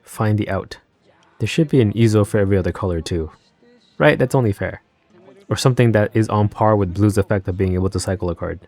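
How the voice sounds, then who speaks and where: A man's voice: on the low side, a little fast, darkish tone, soft background music. A man, a card game YouTuber, giving casual live reaction commentary on a match, thinking aloud and rambling into chatty asides.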